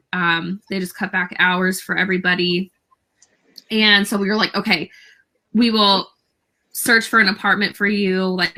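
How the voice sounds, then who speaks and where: A young woman, a guest on a talk show, telling a story casually with many fillers and lively quoted dialogue. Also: medium pitch, low-quality recording.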